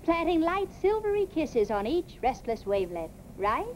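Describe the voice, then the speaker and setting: An actress playing a quick-witted young woman who teases her father in a sarcastic 1950s sitcom style. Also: high voice, sing-song, slight background noise, poor audio. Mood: teasing. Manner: teasing, sarcastic. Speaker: daughter in a sitcom.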